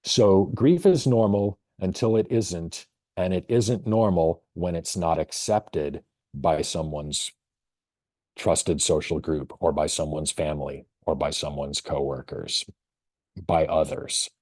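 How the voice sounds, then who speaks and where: A man, a veterinarian, presenting a professional webinar in a thoughtful storytelling manner with measured pauses. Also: a bass voice, darkish tone, no room sound, clean studio sound.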